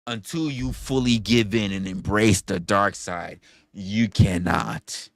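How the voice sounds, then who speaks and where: A man's voice: lowish voice, a little slow, a bit bright, no room sound, clean studio sound. A man streaming casual banter in a mock-villainous, profane, taunting way. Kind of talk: casual stream rant, role-play banter.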